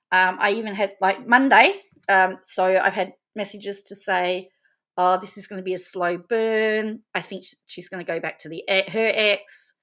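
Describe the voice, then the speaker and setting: A woman's voice: mid-range voice, fairly bright tone. A middle-aged woman talking casually on a live stream, emotional, laughing often and repeating herself. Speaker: vlogger.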